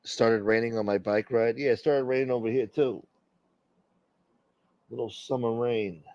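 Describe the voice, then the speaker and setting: A man rambles crudely through a casual livestream, swearing freely as he reads out the chat. His voice sits at a middling pitch. The sound is dry and a bit dull, like a lo-fi setup. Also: steady tone, normal speed, no echo. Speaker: livestream host reading chat.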